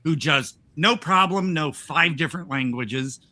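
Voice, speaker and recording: Chatty male podcast host, bright, slightly high voice, rambling delivery. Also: measured pace. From United States. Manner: chatty, rambling with frequent restarts and laughs. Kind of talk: casual chat.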